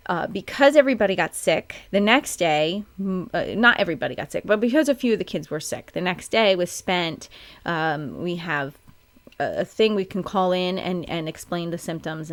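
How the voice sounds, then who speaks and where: A woman in her thirties hosting a podcast, telling a personal story in a chatty, candid way with plenty of fillers. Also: fairly low pitch. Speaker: podcast host.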